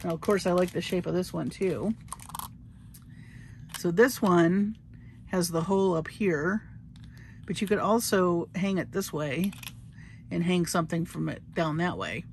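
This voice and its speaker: A woman's voice: lowish voice, measured pace, pauses often, a little hiss or hum. A woman showing her bead haul in a casual, gushing, chatty way. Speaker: crafting vlogger. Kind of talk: casual show-and-tell haul.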